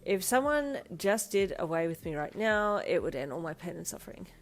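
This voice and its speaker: A woman voicing an exhausted young mother of toddler twins, in a tired, flat tone. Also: lowish voice, a little fast, creaky. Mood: weary.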